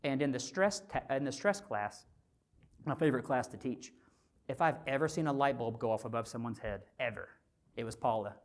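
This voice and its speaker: A male physician giving a motivational conference talk, conversational and animated, often asking the audience rhetorical questions. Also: medium pitch, a little fast. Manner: animated storyteller. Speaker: physician and speaker at a health summit.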